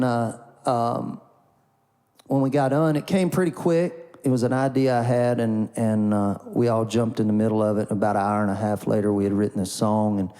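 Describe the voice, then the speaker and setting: A man's voice: mid-range voice, mellow, long reverb tail. Folksy country songwriter man telling a story. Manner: folksy and rambling, with repeated "and, and" and "uh". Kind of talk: storytelling before an acoustic song.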